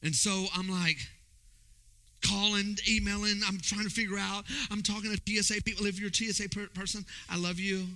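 High, sharp-voiced man preaching. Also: fairly quick. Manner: animated, acts out voices in his stories. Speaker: pastor. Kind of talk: storytelling sermon.

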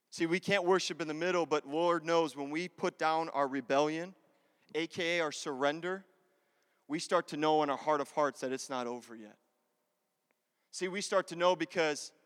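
A man's voice: fairly high pitch, a bit bright, clear, resonant tone. A man preaching a sermon with passion, repeating lines and acting out prayers in his own voice. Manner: impassioned, repetitive preaching with acted-out prayers. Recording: long hall reverb.

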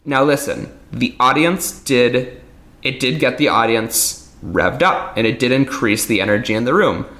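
A man's voice: mid-range voice, measured pace, a bit bright. A man who works as a magician, telling stories in a casual podcast conversation, candid, laughing often and swearing now and then. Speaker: magician guest.

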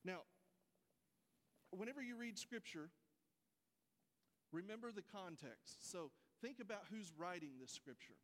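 A man's voice: sits high, expressive, measured pace, long pauses, a bit bright, long reverb tail. A man preaching a folksy sermon, speaking straight to his congregation. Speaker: pastor. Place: church sanctuary.

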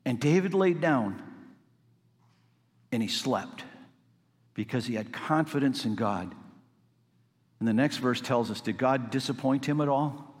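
A man preaches a sermon at a mid-range pitch, moving from calm explanation to fervent, emphatic passages. His voice carries a long reverb, as if he is in a large church sanctuary. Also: a little slow, long pauses. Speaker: pastor.

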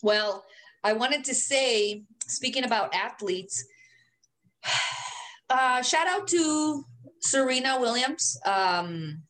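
A woman co-hosting a podcast, her voice high and girlish. She talks bluntly and swears freely in loose, casual chat. She laughs often as she goes. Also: lively intonation, takes it slowly, long pauses, fairly bright tone. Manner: profane, blunt, laughs a lot. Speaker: podcast co-host.

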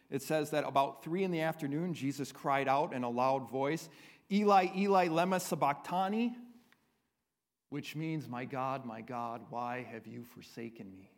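A man preaching a sermon as a pastor, earnest and conversational, often checking in with the congregation. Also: mid-range voice. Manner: earnest, conversational preaching with frequent tag questions. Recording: long reverb of a large hall.

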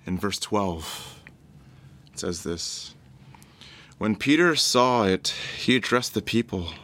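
A man's voice: lowish voice, takes it slowly, pauses often. A man preaching a sermon who retells a scripture scene as a vivid story and acts out the people in it. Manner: animated, acts out scenes in quoted voices.

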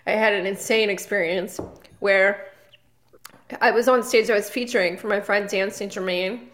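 A woman's voice: medium pitch, steady tone, moderate pace. A woman comedian co-hosting a podcast, telling a story in a rambling casual way with lots of fillers and restarts. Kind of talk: casual chat.

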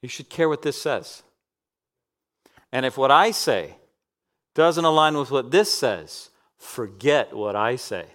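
A man in his thirties delivers a sermon with big swings of energy. He climbs to loud, emphatic peaks, then drops to soft, intimate near-whispers. His pitch sits mid-range for a man. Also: expressive, slow, long pauses. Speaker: preacher.

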